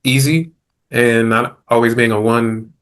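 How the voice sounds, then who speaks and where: Halting man hosting a discussion. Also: mid-range voice, steady tone, a bit bright. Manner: halting, many restarts and "like" fillers. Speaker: host. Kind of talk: casual discussion.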